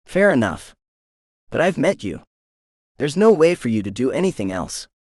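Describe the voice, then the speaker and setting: Easygoing flirty shifter guy, voiced by a man, lively teasing delivery, dry close mic. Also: mid-range voice, moderate pace, no echo. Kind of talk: audiobook character voice.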